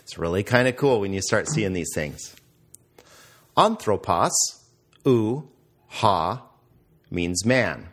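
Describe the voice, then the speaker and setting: A man's voice: on the low side, lively intonation, slow, pauses often. A man teaching a Greek grammar lesson, explaining patiently and quizzing the listener.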